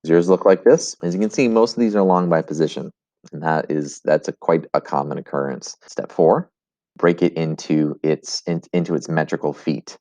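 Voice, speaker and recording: A man's voice: a bass voice, moderate pace, dark tone, no room sound. A man teaching Latin in a recorded video lesson. He explains step by step, with fillers and restarts. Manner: chants rhythms as "bum, bum".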